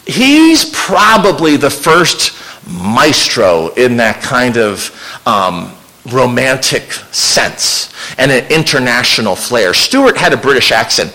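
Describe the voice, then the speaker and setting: Lively bright-voiced man lecturing. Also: medium pitch, low-quality recording. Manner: conversational, with wry asides. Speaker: local historian giving a slide talk. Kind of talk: informal illustrated history lecture.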